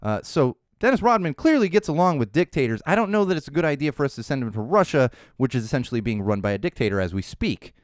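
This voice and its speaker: A man hosting a podcast, giving opinionated political commentary in an animated, ranting way and swearing freely. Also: medium pitch, fast talker, hardly any pauses, dry recording, clean studio sound. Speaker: podcast host.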